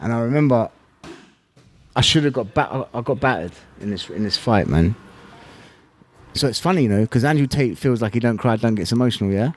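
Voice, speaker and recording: A man's voice: medium pitch, expressive, a little fast, pauses often, slight background noise. A middle-aged man, telling his story as a podcast guest, candid and blunt, heavy with slang and swearing. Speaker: podcast guest, former fighter. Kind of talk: emotional storytelling.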